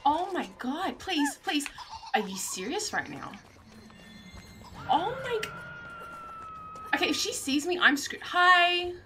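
A young woman, streaming herself playing a game and reacting in a panicky, excitable way. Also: high-pitched, normal speed, music in the background. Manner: excitable, panicky, often shrieking and laughing. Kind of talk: live gameplay commentary.

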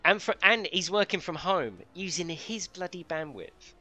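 A chatty man running a live game stream, his voice bright and forceful as he banters, swears lightly and laughs along. Faint music plays behind him. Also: sits high, lively intonation, normal speed. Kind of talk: casual live-stream chat.

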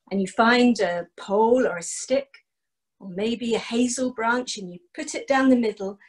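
A woman voicing a calm travelling man who sells heather brooms, explaining patiently. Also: on the high side, lightly acted. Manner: matter-of-fact, patient explaining. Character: travelling male broom-seller, calm and easygoing.

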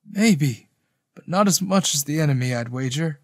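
A man voicing a weary, wise older village man in a spoken story, slow and solemn. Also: on the high side, lively intonation, no echo, studio quality. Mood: grave. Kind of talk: audiobook character voice.

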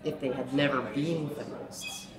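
A woman's voice: a bass voice, fairly even intonation, normal speed. A woman talks with conviction and tags many of her points with "right?". She slips into mocking impressions of the people she quotes. The sound is roomy and echoey, with a crowd audible behind her. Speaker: speaker. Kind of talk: impassioned talk.

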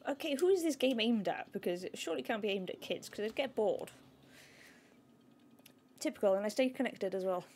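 A woman streaming a game from home into a desk mic, yelping and shouting at it with lots of exclamations. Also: mid-range voice, animated, brisk, pauses often, breathy edge. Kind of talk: live gaming stream commentary. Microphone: new desk mic.

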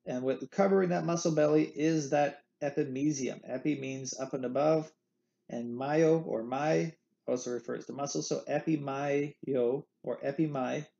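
A man's voice: mid-range voice, fairly even intonation, moderate pace, vocal fry, mellow, lo-fi sound. A man teaching an anatomy lecture in a playful way, repeating the key terms. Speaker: anatomy instructor. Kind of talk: recorded lecture.

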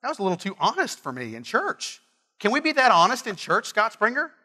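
Bright-voiced earnest male pastor preaching. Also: high voice, huge pitch swings, a little fast. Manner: earnest, emphatic, repeats phrases, storytelling asides. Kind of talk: sermon.

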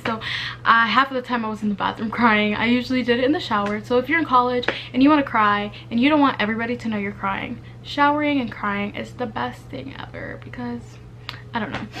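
A young woman, a college student and vlogger, gives casual, heartfelt advice to her viewers on camera, chatting earnestly with lots of fillers. Her voice is on the high side, pushed and bright, with slight background noise.

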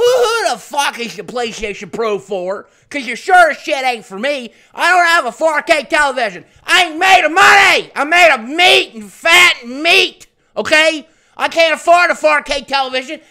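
A man voicing an angry, hot-tempered male gamer fan who rants, swears and stammers over his words in a comedic rant to camera. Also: very high voice. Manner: shouting rant, stammering repeats, heavy swearing.

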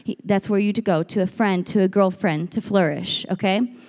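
A woman preaching a sermon in a church, lively and animated, often breaking into shouts and acted-out quotes. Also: mid-range voice, normal speed. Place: church sanctuary. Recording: long hall reverb.

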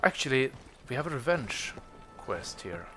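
A man's voice: mid-range voice, measured pace, faint music behind. A man hosting a let's-play, chatting casually with lots of fillers as he plays through a game. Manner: chatty, relaxed, many fillers. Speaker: gaming channel host.

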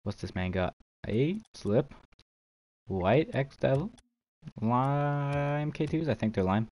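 A man's voice: medium pitch, expressive, takes it slowly, darkish tone. A young man streaming a game, chatting casually with viewers, laughing and swearing easily. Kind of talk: casual live-stream chat while trading.

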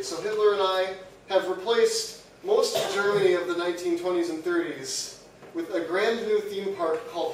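Young man doing deadpan stand-up. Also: high-pitched, distant mic. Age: young adult. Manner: deadpan absurd storytelling, laughing at his own jokes. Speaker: student comedian. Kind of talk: stand-up comedy. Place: room with a live audience. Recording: echoey room, mic from afar, audience noise.

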